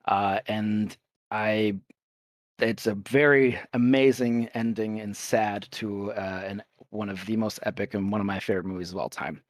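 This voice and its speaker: A man's voice: fairly low pitch, fairly even intonation, normal speed, no echo. A young adult man co-hosting a casual podcast chat, talking with rambling enthusiasm and casual swearing. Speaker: podcast co-host.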